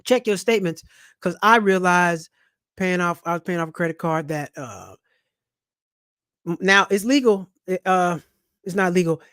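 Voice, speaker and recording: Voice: medium pitch, normal speed, pauses often, a bit bright, clear, resonant tone, dry recording, clean studio sound. Slangy, blunt money vlogger. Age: young adult or older. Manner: loose and slangy, with blunt asides and swearing; rambling, with many restarts and acted quotes. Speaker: personal finance vlogger. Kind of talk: casual talk to camera.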